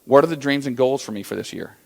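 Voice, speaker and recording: A man's voice: medium pitch, fast, gravelly. A man giving a live motivational talk to an audience, telling stories in a folksy, conversational way. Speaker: motivational speaker.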